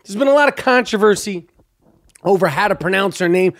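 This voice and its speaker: A man's voice: sits high, animated, a little fast, fairly bright tone. A man hosting his own podcast in a brash, profane, rambling solo monologue, hyped up and talking freely. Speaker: podcast host.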